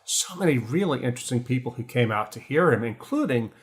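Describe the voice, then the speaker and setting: A man's voice: mid-range voice, animated, fast talker. A man telling stories in a casual podcast chat from a hotel room, often trailing off and restarting his sentences. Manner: chatty storyteller, trailing off and restarting. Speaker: guest writer.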